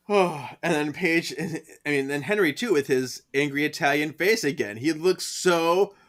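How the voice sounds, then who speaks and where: A man's voice: on the high side, measured pace, fairly bright tone. Giggly man recapping comics. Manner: giggly, acts out quoted lines. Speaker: podcast co-host. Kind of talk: casual chat recapping a comic.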